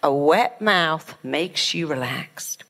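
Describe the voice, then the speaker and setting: A middle-aged woman giving a motivational talk, lively and acting out panicked inner voices as she explains. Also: sits low, slow pace, vocal fry. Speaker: hypnotherapist and speaker.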